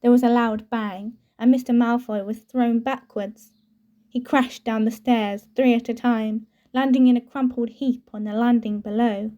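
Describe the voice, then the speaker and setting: A woman reads a novel aloud in a steady, clear storytelling voice. Her tone is mellow and a bit higher than most women's. The recording is dull and lo-fi. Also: unhurried. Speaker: audiobook reader.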